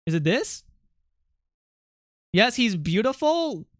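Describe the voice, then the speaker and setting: A livestreamer chatting casually with viewers, rambling and excitable, jumping from topic to topic. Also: mid-range voice, takes it slowly, no room sound, clean studio sound.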